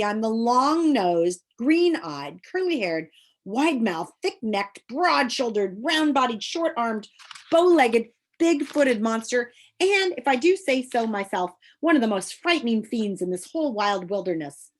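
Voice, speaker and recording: Brief: mischievous storybook monster, high calling voice, lively and gleeful, read by a woman. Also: measured pace. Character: gleeful tricky male monster giving bad advice.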